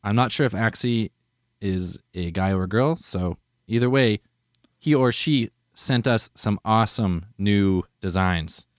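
A man co-hosting a casual podcast, talking in a relaxed, enthusiastic way and swearing freely. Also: fairly low pitch, measured pace, dry recording, studio quality. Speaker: podcast co-host.

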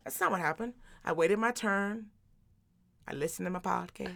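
A woman co-hosting a podcast, telling a story as a profane, animated rant and mocking the people in it. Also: medium pitch, moderate pace, gravelly. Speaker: podcast co-host. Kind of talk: casual ranting chat.

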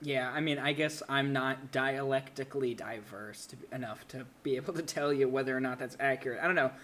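A man's voice: mid-range voice, fairly quick, fairly bright tone, a little hiss or hum. A young man from Minnesota co-hosting a casual podcast chat, joking around and mocking a folksy upper-Midwest twang. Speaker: podcast co-host.

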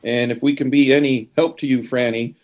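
A man playing a tabletop game, talking in halting speech with many restarts. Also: mid-range voice, steady tone, a little mellow. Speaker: player. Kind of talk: tabletop role-play, in and out of character.

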